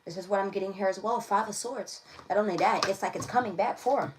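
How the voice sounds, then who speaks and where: A woman's voice: mid-range voice, fast talker, few pauses, a little hiss or hum. A woman giving a casual livestream tarot reading, chatty, often repeating her phrases and laughing. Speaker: tarot reader. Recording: voice a bit distant from the mic.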